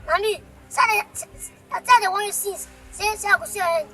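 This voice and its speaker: Mocking woman, nigerian pidgin accent, very high, fast, far off, loud score. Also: over loud music. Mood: taunting. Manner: taunting, rapid, scornful. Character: defiant, mocking woman taunting a rival.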